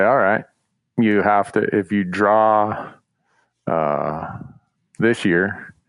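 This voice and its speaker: A relaxed man co-hosting a hunting podcast, talking in easy, loose conversation. His voice sits on the low side and the sound is dry and close, with no room around it. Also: no room sound. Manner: laid-back, chuckles often. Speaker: podcast co-host. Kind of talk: casual chat.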